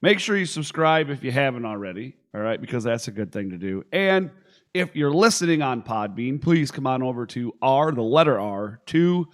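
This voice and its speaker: Lively, jokey male podcast host. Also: mid-range voice, moderate pace. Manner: playful, jokey hype banter. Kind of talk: casual chat.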